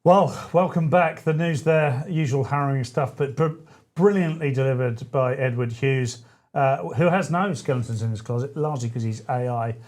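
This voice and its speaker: A man's voice: mid-range voice, moderate pace, darkish tone. A man hosting a talk radio show, chatty and rambling, often correcting himself mid-sentence. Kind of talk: casual talk radio chat.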